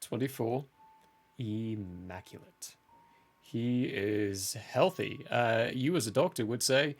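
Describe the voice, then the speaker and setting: A man running a tabletop horror game as game master, calmly narrating and explaining the rules. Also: mid-range voice, slow. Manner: calm, matter-of-fact rulings and narration.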